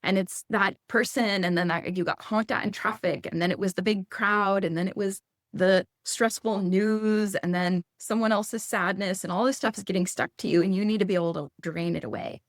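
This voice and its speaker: A woman in her thirties speaking casually as a guest, chatty and animated, acting out quoted lines in a higher voice. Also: moderate pace, dry recording, studio quality. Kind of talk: casual conversational advice.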